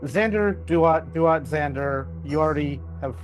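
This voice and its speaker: Halting, higher-voiced game player. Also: male voice, over music. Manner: halting, with fillers. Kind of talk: casual tabletop play.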